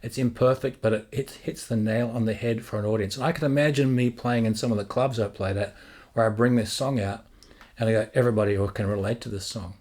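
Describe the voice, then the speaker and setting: A man teaching songwriting in a casual, rambling way, thinking out loud as he works through ideas. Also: medium pitch, fairly even intonation, fairly quick. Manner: rambling, thinks aloud, sings lyric drafts. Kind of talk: casual thinking-aloud lesson.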